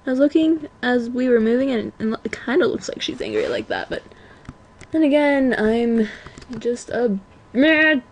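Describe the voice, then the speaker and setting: A teenage girl at home giving chatty, self-mocking commentary on a video game, often apologizing and breaking into excited outbursts. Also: fairly high pitch, moderate pace, a little hiss or hum. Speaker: let's play gamer. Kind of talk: casual gameplay commentary.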